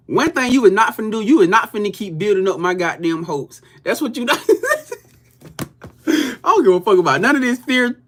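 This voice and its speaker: Man, high voice, tarot reader on a livestream, loose and profane, talks straight to viewers. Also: sharp tone. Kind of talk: casual livestream chat.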